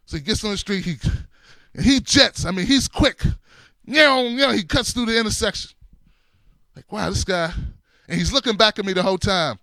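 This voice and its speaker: A middle-aged man hosting his own show, telling a comic story in an animated way, laughing along and dropping to hushed asides. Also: sits high, moderate pace, dry recording. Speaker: show host.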